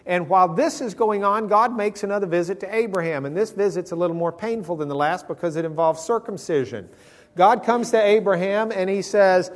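A man's voice: high-pitched, a little fast. A man teaching a casual Bible lesson with humor, acting out the characters he quotes in a conversational way. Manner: conversational with fillers.

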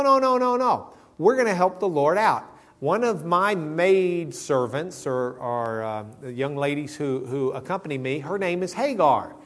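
Casting note: man, a bit high-voiced, teaching a Bible class with jokes and play-acted quotes. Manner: humorous, acts out quoted characters; conversational with fillers. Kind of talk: casual Bible lesson.

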